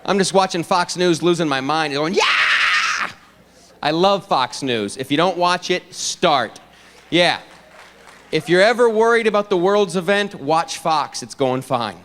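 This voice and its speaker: A man doing an animated stand-up comedy routine, talking in a fairly high voice. He keeps slipping into quick character voices between his own lines. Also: a little hiss or hum.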